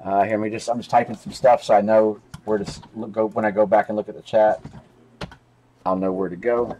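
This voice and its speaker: A man's voice: on the low side, flat delivery, brisk, warm tone, slight background noise, rough recording. A man hosting a live sports card break, rambling and chatty, talking straight to viewers and cursing freely. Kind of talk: casual live-stream chat.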